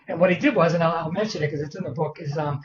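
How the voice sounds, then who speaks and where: Older man, lively storyteller, slightly high voice, distant roomy lo-fi sound with a crowd behind. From Boston, Massachusetts. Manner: animated anecdotal storyteller, acts out quoted people. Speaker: author guest. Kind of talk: storytelling interview.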